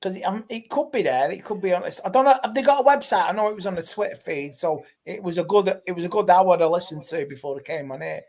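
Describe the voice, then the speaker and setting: A woman's voice: fairly low pitch, fast talker, hardly any pauses, darkish tone. A woman on a football chat panel, chatty and loose, trailing off and leaning on "like" as a filler.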